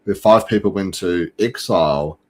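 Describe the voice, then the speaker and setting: A man's voice: sits low, normal speed, darkish tone. A man hosting a casual fan podcast, talking in a chatty way with many fillers and restarts. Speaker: podcast host.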